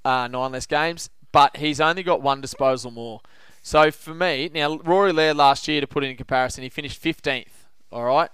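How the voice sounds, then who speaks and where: An Australian man hosts a casual footy betting chat, pushing his tips with confident, lively banter. His voice is smooth and resonant. The sound is close and dry, with no room around it. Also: medium pitch, normal speed, hardly any pauses, dry recording. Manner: confident, animated tipster banter. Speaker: podcast host.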